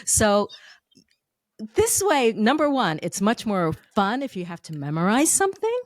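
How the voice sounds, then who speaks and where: A woman's voice: mid-range voice, very animated, unhurried, dry recording. Playful woman coach, dry close sound. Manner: playful, demonstrative, acts out examples. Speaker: public speaking coach. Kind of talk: podcast interview guest.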